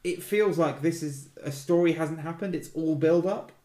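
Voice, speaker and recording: A man's voice: fairly high pitch, dark tone. A man in his thirties hosting a casual film podcast, joking and teasing between opinions. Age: 30s. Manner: wry, teasing, quick asides. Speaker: podcast host. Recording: roomy echo.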